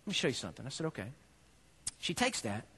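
A man, preaching a sermon in an animated storytelling way that swings from loud preaching to quiet asides. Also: medium pitch, quick pace, breathy edge. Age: 30s. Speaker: pastor.

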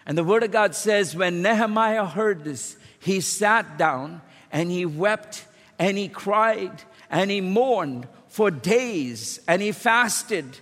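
A man preaching a sermon, telling a story and rising into shouted emphasis. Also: high voice, animated, slow. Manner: builds to shouted emphasis, storytelling with acted quotes. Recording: long hall reverb.

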